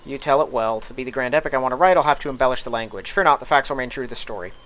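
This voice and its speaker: A man's voice: medium pitch, racing, a bit bright, close to an everyday voice. Talkative female muse poet with old-fashioned phrasing, read by a man in a plain voice. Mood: chatty. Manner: reads aloud in a plain voice, mock-archaic phrasing. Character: chatty female muse, frustrated, archaic-speaking poet.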